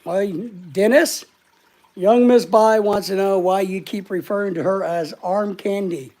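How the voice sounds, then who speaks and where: Host, female, short of breath, mellow voice, rambling chat that greets each viewer. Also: mid-range voice, measured pace. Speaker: live-stream host. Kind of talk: casual live-stream chat.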